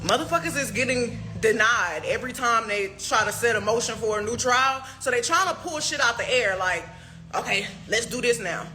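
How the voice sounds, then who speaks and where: Animated high-voiced woman ranting. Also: soft background music. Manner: profane, rapid-fire rhetorical questions; animated, with laughing asides. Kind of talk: heated social media rant.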